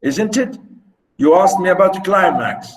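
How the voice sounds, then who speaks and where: A man's voice: sits high, lively intonation, normal speed, low-quality recording. A man teaching a literature lesson online, chatty and emphatic, often asking the class questions.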